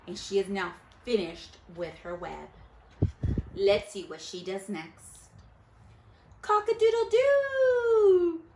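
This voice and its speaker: A woman's voice: on the low side, echoey room, a little hiss or hum. A woman teacher reading a picture book aloud to her class, stopping to quiz the children. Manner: animated storyteller who pauses to quiz children.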